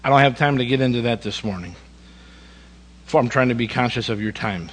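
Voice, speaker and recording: On a low-quality recording, a preacher with a medium-pitched voice moves fairly quickly through his sermon. He reads scripture dramatically, adds homespun conversational remarks, and now and then goes abruptly quiet for emphasis.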